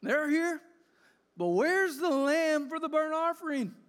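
Man voicing a teenage boy, high questioning voice, echoing hall. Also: lively intonation, unhurried, fairly bright tone, exaggerated voice. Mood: puzzled. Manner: rising, questioning. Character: teenage boy asking his father a question. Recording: echoey hall reverb.

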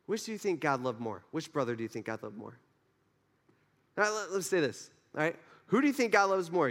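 A man's voice: high-pitched, a bit bright, long reverb tail. A male pastor giving a conversational sermon, acting out the characters' lines as he goes.

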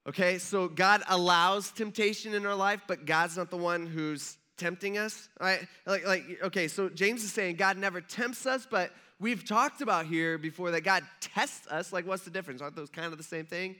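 A man's voice: high voice, moderate pace, hardly any pauses, bright, forceful tone. A man, a pastor, giving a conversational, joking sermon in a church and asking the audience questions.

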